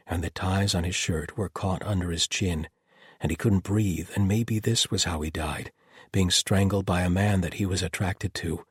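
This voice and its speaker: A man narrating a fantasy audiobook in a steady storytelling manner. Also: deep voice, slightly rough, no echo, clean studio sound.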